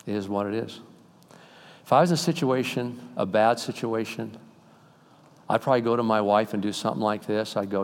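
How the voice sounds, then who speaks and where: A man's voice: on the low side, fairly even intonation, fairly quick, long pauses. Older male pastor preaching in a reverberant hall. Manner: swings between loud emphatic peaks and quiet, intimate asides. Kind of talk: sermon. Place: church sanctuary. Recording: long reverb in a large hall.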